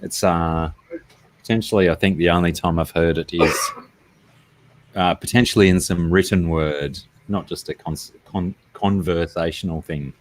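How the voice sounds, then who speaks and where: Deep-voiced Australian man chatting. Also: normal speed, slight background noise. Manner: easygoing, rambling, self-deprecating. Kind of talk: casual chat.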